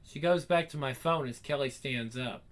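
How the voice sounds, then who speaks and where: A man reading a first-person adult comedy story aloud, animated and wry, swearing freely. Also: mid-range voice, normal speed. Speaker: narrator.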